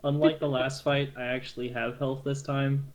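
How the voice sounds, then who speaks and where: Casting: playful Southern US man on voice chat, medium pitch, faint hiss. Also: little pitch movement, normal speed, rough recording. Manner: playful, laughing. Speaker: player. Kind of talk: casual voice chat.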